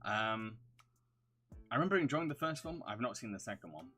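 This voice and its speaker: A man with a mixed London and Yorkshire accent, casually answering viewer questions on a livestream. He talks in a crisp, over-enunciated way, reads questions aloud and hums to himself between them. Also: on the low side, big pitch swings, fairly quick, pushed and bright, faint music behind. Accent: mixed London and Yorkshire English. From England. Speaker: streamer answering chat.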